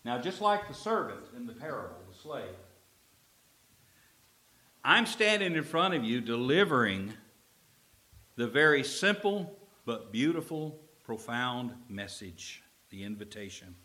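A man preaching a sermon in a church, mid-range voice. He tells a story with lively swings, dropping to near-murmured asides, then pressing key lines out loud and slow. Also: mid-range voice. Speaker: pastor.

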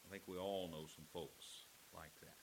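A man preaching a sermon in an animated way, acting out quotes with voices. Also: low voice, moderate pace, background noise. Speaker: pastor.

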